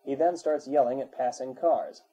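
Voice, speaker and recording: A man reading an encyclopedia article aloud in a measured, even way. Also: medium pitch, breathy edge, low-quality recording. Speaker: narrator.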